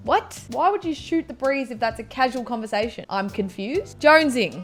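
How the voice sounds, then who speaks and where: An Australian woman hosts a casual vlog from home in a fairly high voice. She talks in a playful, self-mocking way, swinging from loud outbursts to mutters. Faint music sits under her voice. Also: very animated, moderate pace, few pauses. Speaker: YouTuber host. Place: indoors at home, wrapped in a blanket.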